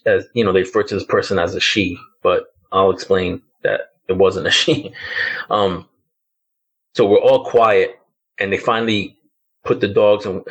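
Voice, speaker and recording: A somewhat low-voiced man around fifty, from the Bronx, talks through a haunting memory as a podcast guest. He tells it casually and haltingly, stacking fillers as he feels for the right words. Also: slightly rough, dull audio. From the Bronx, New York. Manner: loose, hesitant storytelling with many fillers like "like" and "um". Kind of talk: telling a personal ghost story.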